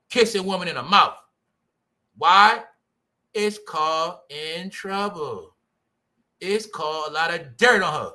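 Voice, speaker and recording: A man with a fairly high, forceful voice rants at his audience in loose, profane commentary. He keeps firing rhetorical questions at the listener and talks down to them. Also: animated, slow, pauses often. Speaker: channel host. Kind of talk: ranting commentary to a live chat.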